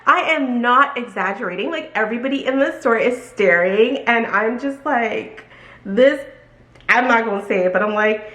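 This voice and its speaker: Woman doing a storytime, animated, jumps into squeaky voices for quotes, echoey room. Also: normal speed. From Brooklyn, New York. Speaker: vlogger telling a storytime. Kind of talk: casual storytime chat.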